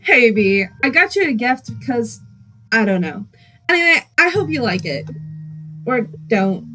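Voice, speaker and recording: A woman's voice: fairly high pitch, very animated, a little slow, sharp tone, faint music behind, full character voice, poor audio. A woman voicing an aloof young woman who speaks in an offhand, indifferent way.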